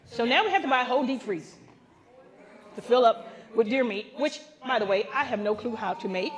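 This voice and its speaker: An older woman with a high voice tells a funny story to a gathering. She is animated and laughs often, and she jumps into the voices of the people in her tale as a pastor would from the front of a room. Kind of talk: comic storytelling to a women's gathering. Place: live gathering.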